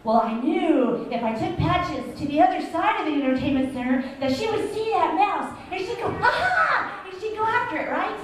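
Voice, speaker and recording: A woman with an extremely high, expressive voice tells a funny story at church story time, speaking briskly with hardly any pauses. She acts out her own reactions with gasps and laughs. The recording comes from far off in an echoey church hall, with room noise.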